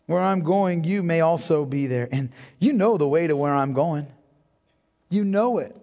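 A man preaching a sermon as pastor, impassioned, swinging from hushed tones to near-shouting and calling his listeners beloved. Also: on the high side, lively intonation, moderate pace. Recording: long reverb of a large hall.

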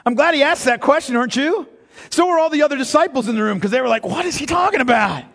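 A man preaching a sermon as pastor, impassioned, swinging from hushed tones to near-shouting and calling his listeners beloved. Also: very high voice, lively intonation, fast. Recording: long reverb of a large hall.

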